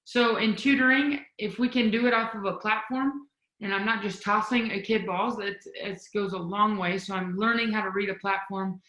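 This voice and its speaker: A woman speaking as a volleyball coaching guest on a video call, energetic and emphatic, demonstrating as she talks. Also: mid-range voice, normal speed, echoey room, poor audio. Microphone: video call mic.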